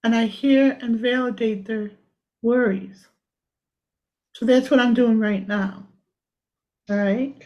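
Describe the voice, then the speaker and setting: A woman energy healer leading a private session, singing simple repeated lines softly and chatting between them. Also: on the high side, fairly even intonation, takes it slowly, long pauses. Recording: dull lo-fi audio.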